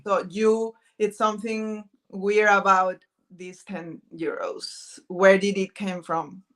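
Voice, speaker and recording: A woman from Italy who speaks English as a second language, talking at a slow, unhurried pace. She hunts for words and restarts her phrases, filling the gaps with "mm-hmm". Her pitch sits in a middle range. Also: fairly even intonation, a bit bright. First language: Italian. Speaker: guest. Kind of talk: casual interview chat.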